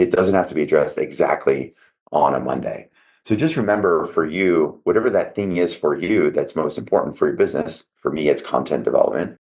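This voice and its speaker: Podcast host, male, middle-aged, extremely low voice, casual coaching monologue. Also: a little mellow. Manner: conversational, self-coaching tone with asides.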